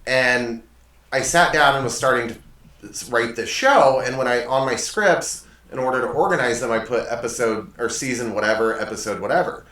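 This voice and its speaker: A man's voice: mid-range voice, normal speed, pushed and bright. A man hosting his own show, telling stories in a rambling, self-correcting, self-deprecating way at his desk. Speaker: show host. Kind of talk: casual monologue storytelling. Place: desk in a home studio. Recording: echoey room, mic at a distance.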